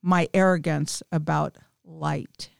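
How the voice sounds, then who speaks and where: Smooth-voiced woman telling her story. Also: sits low, fairly even intonation, takes it slowly, dry recording, studio quality. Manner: candid, self-deprecating storyteller. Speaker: small group leader, guest. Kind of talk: personal testimony in casual chat.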